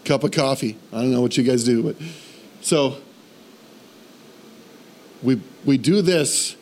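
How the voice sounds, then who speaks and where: A man preaching a sermon in a church, animated and conversational, asking the congregation questions. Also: medium pitch, a little slow. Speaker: pastor.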